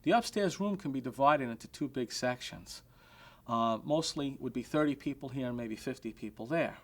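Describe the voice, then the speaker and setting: A man, a restaurant owner telling an anecdote in an animated way and acting out the quotes. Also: mid-range voice.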